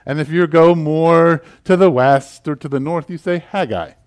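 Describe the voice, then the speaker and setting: A man with a Southern US accent, preaching a sermon in a casual, animated way with prayer. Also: fairly high pitch, normal speed, clean tone. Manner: conversational, animated, with fillers and asides. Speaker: pastor.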